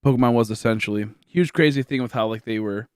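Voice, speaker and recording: A man's voice: medium pitch, quick pace, darkish tone, smooth, no room sound, studio quality. A tired young man from Michigan chatting casually on a livestream, rambling with lots of fillers and restarts. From Michigan, USA. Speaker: livestream host.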